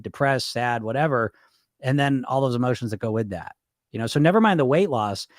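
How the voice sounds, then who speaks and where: A man's voice: on the high side, no echo, studio quality. A middle-aged man, a weight loss coach hosting a podcast, talking casually and acting out his inner voices. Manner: animated, acts out his inner voices in dialogue; conversational, frequent "right?" and "you know?". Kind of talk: casual live-stream advice talk.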